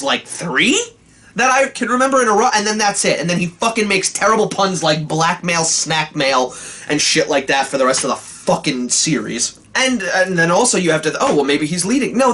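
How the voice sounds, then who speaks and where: A man's voice: high voice, a bit bright, breathy edge. A man reviewing an old cartoon in a sarcastic, exasperated rant full of swearing. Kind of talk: ranting comedic review.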